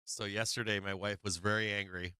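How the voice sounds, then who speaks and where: Middle-aged male streamer, bright and clean tone, dry close mic, rambling storyteller. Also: lowish voice, flat delivery, a little fast, smooth, no echo. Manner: rambling, laughs often, acts out family voices. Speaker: stock market livestream host. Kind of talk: casual livestream storytelling.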